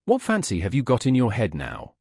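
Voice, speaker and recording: A weary young woman, put on by a male narrator, pleads softly and tenderly. The voice is husky and lively in pitch. It is an audiobook figure. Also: brisk, no echo, clean studio sound, heavily acted. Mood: pleading.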